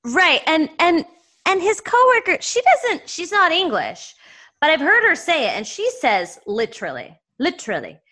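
A woman's voice: extremely high pitch, big pitch swings, unhurried, sharp tone. A woman in her forties with a Southern US accent, co-hosting a podcast in casual, chatty talk with easy laughs. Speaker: podcast co-host. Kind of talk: casual chat.

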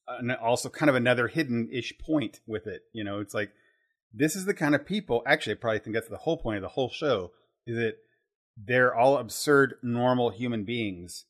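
A man's voice: medium pitch, a little fast. A man in casual podcast conversation about a film, rambling and restarting as he thinks aloud.

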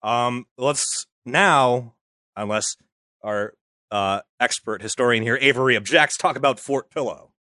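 Bright, casual man narrating history. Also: mid-range voice, a little slow, dry recording, studio quality. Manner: loose, joking, sprinkled with fillers and swearing. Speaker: podcast host telling the history.

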